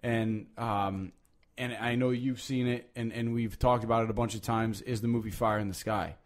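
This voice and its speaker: A man hosting a podcast, talking casually and at length, with many restarts, lively emphasis and frequent swearing. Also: medium pitch, moderate pace. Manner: rambling, animated, swears freely, many restarts. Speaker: podcast host.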